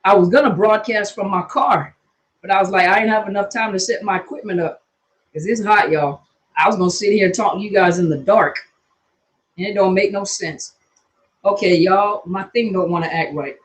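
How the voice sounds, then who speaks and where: A woman counselor from Washington state chatting casually on a phone livestream from her hot home, greeting viewers by name in loose colloquial talk. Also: lowish voice. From Washington state, USA. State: hot and sweaty.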